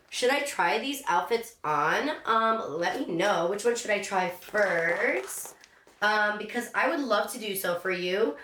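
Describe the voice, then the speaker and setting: A woman's voice: a little high, a bit bright, slight background noise. A young woman vlogger chatting through an unboxing, gushing and effusive. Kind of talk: excited unboxing chat. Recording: echoey room, voice from a distance.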